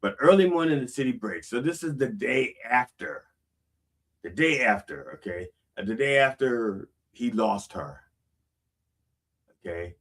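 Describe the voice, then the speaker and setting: A pastor's mid-range voice swings widely in pitch as he speaks at a measured pace, far from the mic. His sermon is casual and conversational: he reads song lyrics aloud, unpacks them, and often asks "okay?"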